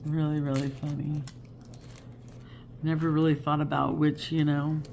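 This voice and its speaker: A woman's voice: low voice, little pitch movement, a little slow, creaky, darkish tone, a little hiss or hum. A woman in her fifties hosting a casual crafting chat, rambling and chatty and laughing often. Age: 50s. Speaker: crafting channel host.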